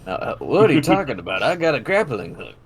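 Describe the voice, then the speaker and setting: A man's voice: mid-range voice, quick pace, husky. Man, tabletop player, bouncy intonation, wry jokes. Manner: joking, wry, lively. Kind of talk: casual tabletop game play.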